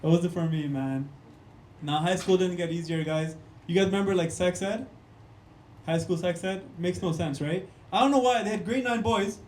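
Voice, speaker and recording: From a club stage, a young Canadian man delivers punchy stand-up straight to the crowd, often addressing them as "guys" and "man." His voice sits high and a little mellow, at a moderate pace, in an echoey room.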